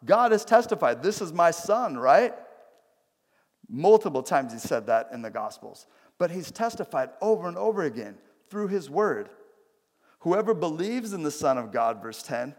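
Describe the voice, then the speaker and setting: A man's voice: on the high side, very animated, normal speed, darkish tone, in a large hall. A man preaching a conversational sermon, asking his listeners direct questions. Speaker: pastor.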